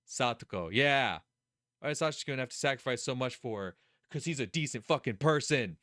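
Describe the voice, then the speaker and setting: A young man narrates a visual novel and keeps snapping into furious, cursing outbursts at the characters. His voice is smooth and resonant, recorded close and dry with no room sound. He swings from flat reading to heated trash talk. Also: medium pitch, brisk, dry recording. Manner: profane, heated ranting, mocking whiny put-on voices. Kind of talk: let's play commentary and reading aloud.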